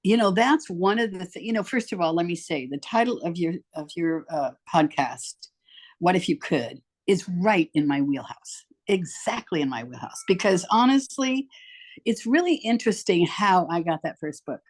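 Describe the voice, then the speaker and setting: A woman in her eighties with a lowish voice that swoops up and down as she tells her stories. She chats casually as a podcast guest and puts on the voices of the people she quotes. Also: moderate pace. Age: 80s. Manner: animated storyteller, acts out quoted voices. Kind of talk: casual storytelling interview. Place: home.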